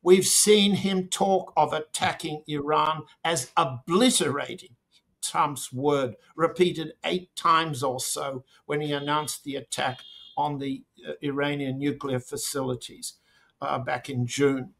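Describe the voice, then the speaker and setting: A man giving slow, deliberate political commentary as an interview guest, with pointed emphasis. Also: fairly high pitch, fairly even intonation, vocal fry, fairly bright tone.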